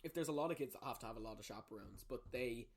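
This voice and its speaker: A man's voice: mid-range voice, rapid-fire, creaky, slightly rough. A young man hosting a podcast, chatting casually, laughing easily and swearing now and then. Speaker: podcast host. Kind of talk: casual chat.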